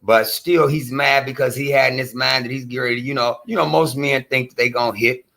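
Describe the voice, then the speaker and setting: A man's voice: medium pitch, fairly even intonation, a little fast, vocal fry, pushed and bright. A man hosting a show, giving casual and rambling commentary on a clip he is playing. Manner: conversational, rambling, full of fillers. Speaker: show host reacting to a clip.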